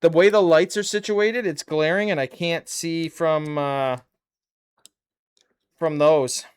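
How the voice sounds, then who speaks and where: A man's voice: on the high side, steady tone, takes it slowly, smooth. A man live-streaming a model-kit build, chatting with viewers and muttering to himself as he works. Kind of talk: casual live-stream chat.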